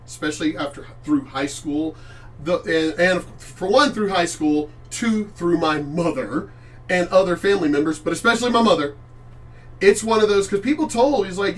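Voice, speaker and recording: A man's voice: high-pitched, moderate pace, distant mic. A middle-aged man hosting a reaction channel, talking bluntly and profanely in rambling casual commentary. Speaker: channel host reacting to clips.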